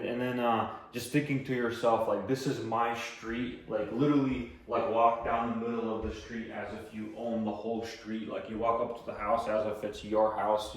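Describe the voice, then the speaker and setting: A man explains door-to-door selling in a loose, rambling way, full of fillers and restarts. His voice sits a touch low. It sounds roomy and distant, with a faint hum of ambience. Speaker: door-to-door sales trainer. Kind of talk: casual training talk. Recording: echoey room, voice from a distance.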